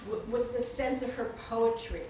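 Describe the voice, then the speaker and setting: Slightly high-pitched and fairly even in intonation, an older woman speaks at a moderate pace while casually introducing the author at a book event. She's warm and talkative and laughs a lot, though the indoor reception room recording is echoey, noisy, and distant.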